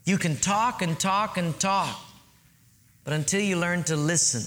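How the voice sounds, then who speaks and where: Earnest bright-voiced preacher. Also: male voice, high voice, measured pace, a little hiss or hum. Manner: earnest, directs listeners to take notes. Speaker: pastor. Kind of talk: sermon.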